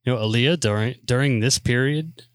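A laid-back man co-hosting a casual podcast, trading deadpan jokes. His voice sits in an ordinary middle pitch for a man. The recording is dry and close. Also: fairly quick, no echo. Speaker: podcast co-host.

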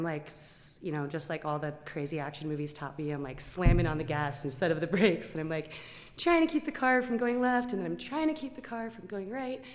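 A young woman tells a story live before an audience in a lively, chatty way, full of "like" and "um". Her voice sits fairly low. Long reverb from the hall trails behind every line. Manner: animated, lots of "like" and "um", acts out quotes.

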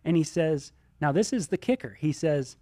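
Animated male pastor, dry close sound. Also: fairly high pitch, normal speed, no room sound. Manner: animated, exclaims and voices imagined listener reactions; many ums and you-knows. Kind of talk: sermon teaching.

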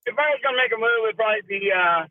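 A man's voice: high-pitched, expressive, racing, dry recording. Easygoing man on a tinny phone line. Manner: laughing, easygoing. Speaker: caller.

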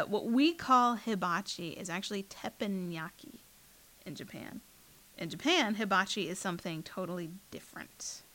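A young woman co-hosting a podcast, telling stories in a wry, sarcastic, animated way. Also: medium pitch. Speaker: podcast co-host. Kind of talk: casual chat.

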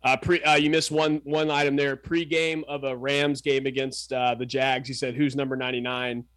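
A man trading playful jabs on a sports podcast, loose and teasing. His voice sits at an ordinary middle pitch. He talks in an easy, unscripted way. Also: little pitch movement, normal speed, a bit bright. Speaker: podcast co-host. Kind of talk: casual sports chat.

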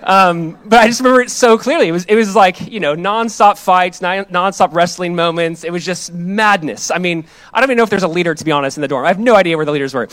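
Mid-sermon, this young male pastor launches into an animated story of his own, peppered with rapid asides and voiced quotations. His pitch runs fairly high for a man, and the close, dry recording has no echo and little sense of space.

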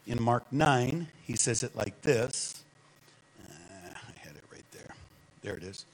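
A man preaching a sermon as guest speaker, animated and calling on the congregation to answer back. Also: medium pitch, measured pace, vocal fry, slightly rough, rough recording. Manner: animated, calls the congregation to respond.

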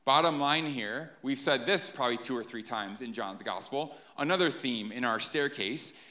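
A man preaching an animated sermon to a live congregation, often checking in with "right?". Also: medium pitch, normal speed. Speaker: pastor.

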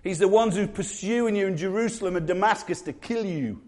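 A man preaching a sermon, retelling scenes in lively acted-out voices. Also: high voice, a little fast. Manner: animated storytelling, acts out quoted voices.

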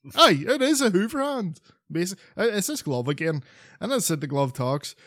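A podcast co-host with a high-sitting, very animated voice and fairly bright tone chats casually at normal speed. He rambles, swearing a lot and filling his talk with fillers and restarts. The recording is studio quality with no room sound.

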